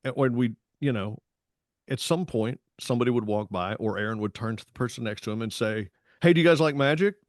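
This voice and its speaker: A man, co-hosting a podcast and telling stories in a lively, casual way, acting out the voices in his stories. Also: on the low side, fairly quick, no room sound, clean studio sound. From Tennessee, US. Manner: animated storytelling with voiced quotes. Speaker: podcast co-host. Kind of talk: casual chat.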